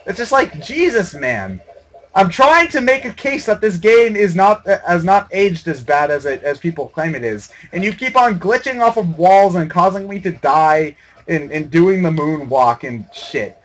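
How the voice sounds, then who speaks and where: A man's voice: high voice, lively intonation, moderate pace, rough recording. A man streaming a video game, giving rambling, sarcastic and profane casual commentary.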